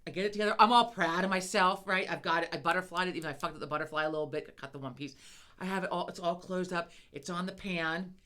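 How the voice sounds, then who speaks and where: A woman's voice: on the low side, fast talker. A middle-aged woman co-hosting a podcast, telling a cooking story in casual chat with lots of swearing. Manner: profane, animated storytelling. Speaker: podcast co-host.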